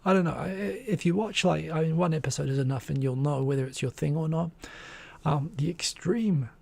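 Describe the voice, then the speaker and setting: A man's voice: fairly high pitch, a little fast, vocal fry, a little mellow. A man hosting a live stream, chatting casually and rambling with frequent restarts. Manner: rambling, restarts often, chuckles. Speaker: host of a weekly live show.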